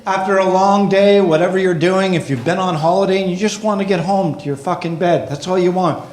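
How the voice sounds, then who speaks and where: A man doing a stand-up comedy routine on stage, ranting with heavy profanity and rising to shouted exasperation. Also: high-pitched, a little fast. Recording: echoey live club with crowd. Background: audience laughter.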